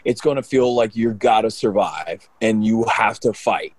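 A man, a pro wrestler and co-host, telling stories in an animated, rambling way with lots of restarts. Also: on the low side, moderate pace, dry recording. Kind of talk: casual storytelling on a podcast.

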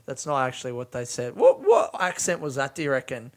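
A man's voice: mid-range voice, sing-song, a little fast, gravelly. A young Australian man telling a rambling, sweary comic story about waiting for money.

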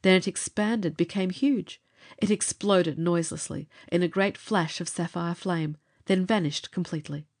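Brief: female audiobook narrator, lower-pitched, steady dramatic reading. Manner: measured, expressive storytelling.

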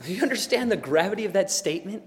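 A man preaching a sermon as pastor, impassioned and building to emphatic, forceful delivery. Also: high voice, expressive, very fast, long reverb tail.

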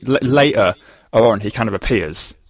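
Husky guy co-hosting a podcast, talks fast, dry close sound. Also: lowish voice, no room sound. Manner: laid-back, laughs easily. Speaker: podcast co-host. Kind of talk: casual podcast chat.

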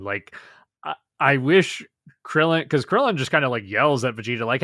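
Man, podcast co-host, casual chat, excitable, curses freely, dry close recording. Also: medium pitch, normal speed, no echo. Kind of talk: casual episode review chat.

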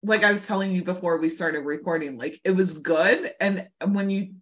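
Podcast co-host, woman, somewhat low pitch, gushing casual recap chat. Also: normal speed. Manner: gushing, chatty, many "like" fillers.

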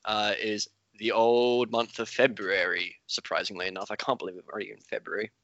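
A man's voice: lowish voice, little pitch movement, a little fast, fairly bright tone, dry recording, lo-fi sound. An Australian man co-hosting a casual games chat, joking and swearing freely. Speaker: podcast co-host.

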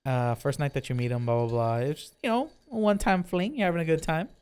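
A man's voice: fairly high pitch, fast, a little mellow, smooth. A man hosting a casual drinking podcast, teasing his guest with hypotheticals. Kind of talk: casual chat over drinks.

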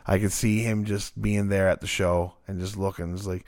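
Low gravelly guy rambling on a podcast, dry close sound, swears a lot. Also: level tone, normal speed, few pauses, darkish tone, dry recording. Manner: rambling, loose, swears freely. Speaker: podcast co-host. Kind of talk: casual chat.

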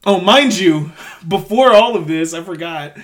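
A man's voice: high voice, expressive, a little slow, fairly bright tone. A man co-hosting a film podcast, cracking crude jokes and laughing a lot in casual chat. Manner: jokey and profane, laughs a lot. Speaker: podcast co-host.

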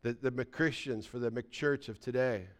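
A man's voice: mid-range voice, fairly even intonation, unhurried. A pastor in his sixties preaching a sermon in a conversational storytelling way, often checking in with his listeners.

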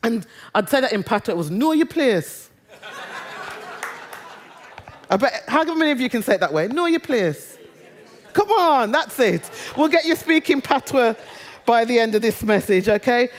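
A woman's voice: a little high, sing-song, normal speed, long pauses, a faint crowd. A British woman preaching a sermon in a conversational, humorous way, drawing out quoted lines and song words. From Britain.

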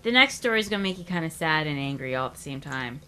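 Bright-voiced woman podcast host. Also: sits low, expressive, quick pace. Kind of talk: casual comedy chat, reading news stories.

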